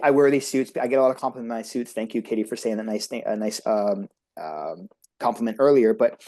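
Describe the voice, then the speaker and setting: A talkative man speaks as a guest coach, his delivery quick and emphatic. His voice has a warm, mellow tone. He rushes from point to point with motivational energy. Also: mid-range voice. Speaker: beauty industry coach, podcast guest.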